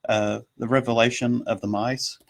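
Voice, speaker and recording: Halting, chuckling man in a book chat. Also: medium pitch, level tone, slight background noise. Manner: halting, restarts often, chuckles. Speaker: co-host of a book discussion. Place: public library.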